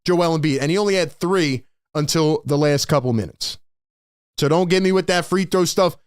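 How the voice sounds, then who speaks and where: Animated man hosting postgame sports talk. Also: fairly high pitch, moderate pace, smooth, no room sound, studio quality. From Philadelphia area. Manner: animated, rhetorical, heavy use of "man".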